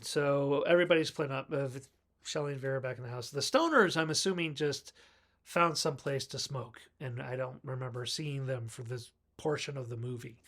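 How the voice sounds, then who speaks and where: A man's voice: medium pitch, a bit bright. A man reviewing a film in a casual recap, chatting along and acting out the characters' lines as he goes. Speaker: movie reviewer.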